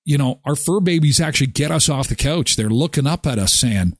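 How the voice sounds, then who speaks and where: A man hosting a morning show, chatting in a jokey, animated way and talking to his dog. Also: medium pitch, brisk, few pauses, no room sound, studio quality. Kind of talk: casual chat.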